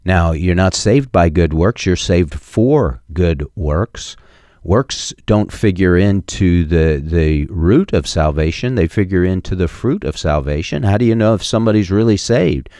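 A middle-aged man preaching a sermon, emphatic and building to sharp peaks, quoting scripture with chapter and verse. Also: low-pitched, animated, a little slow, no room sound, studio quality. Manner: emphatic preaching, rising sharply on key points. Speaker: pastor.

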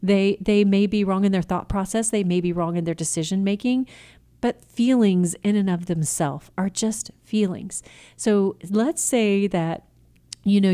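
A woman with a smooth, mellow voice at medium pitch gives an earnest, coaching talk on family communication from a Christian perspective. She acts out example phrases as she teaches.

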